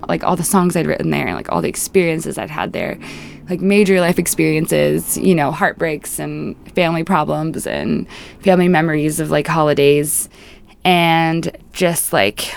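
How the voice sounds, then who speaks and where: A woman's voice: deep voice, gravelly, no echo. A young woman, a musician being interviewed, talking in a rambling, reflective way with lots of "like". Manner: rambling, heavy use of "like", reflective. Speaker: musician guest. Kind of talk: casual interview chat.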